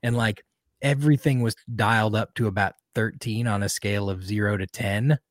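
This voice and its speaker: A man's voice: fairly low pitch, normal speed, dry recording, clean studio sound. A man co-hosting a podcast, chatting casually and rambling with lots of fillers. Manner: animated, rambling, many fillers. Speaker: podcast co-host. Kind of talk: casual chat.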